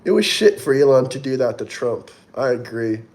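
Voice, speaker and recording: A man talking casually on a livestream, reading out viewer comments and answering them in a loose, rambling way. His voice sits at a middle pitch for a man, easygoing and conversational. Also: lively intonation, moderate pace, a little mellow. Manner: chatty, rambling, reads viewer comments aloud. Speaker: livestream host reading chat.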